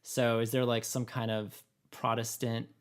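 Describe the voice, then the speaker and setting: A man with a raspy voice, co-hosting a podcast in casual, rambling chat full of fillers. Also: medium pitch, little pitch movement, unhurried. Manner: rambling, many fillers and laughs. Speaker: podcast co-host.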